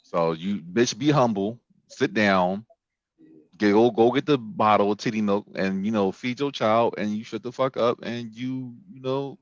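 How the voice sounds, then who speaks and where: Low-voiced, crude, joking male podcast host. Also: measured pace, dry recording, highs cut off. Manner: animated storyteller, crude and joking, acts out quoted voices. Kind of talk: casual podcast chat.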